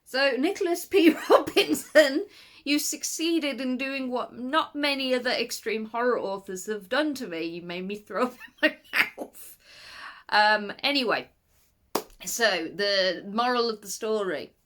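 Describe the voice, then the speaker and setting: Speaking a little slowly, a woman talks loosely and energetically through a book in a video review, punctuated by nervous giggles and sudden squeaky exclamations.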